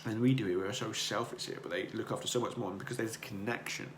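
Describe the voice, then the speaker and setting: A man's voice: fairly low pitch, fairly even intonation, fast talker. Earnest, rambling man in an echoey room. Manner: earnest, rambling, repeats words. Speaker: podcast host. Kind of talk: motivational monologue. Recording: roomy echo, faint noise.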